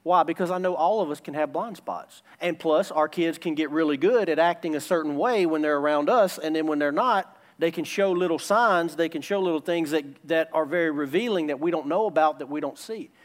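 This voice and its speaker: A man's voice: fairly high pitch, brisk, few pauses. A man preaching a sermon as a pastor, emphatic and returning again and again to his key phrases.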